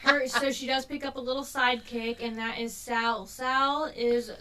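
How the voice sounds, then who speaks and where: A woman's voice: high voice, little pitch movement, moderate pace, bright, forceful tone, recorded from a distance, a little hiss or hum. A woman co-hosting a book talk, chatting casually and gushing enthusiastically about a book she loved. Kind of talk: casual chat.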